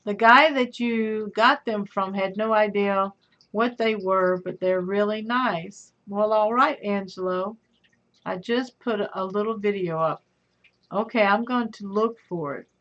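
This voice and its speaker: This livestream host is a middle-aged woman with a mid-range, slightly bright voice and a measured pace. She chats with viewers, reads their comments and calls them honey and sweetheart. The audio is dull and lo-fi.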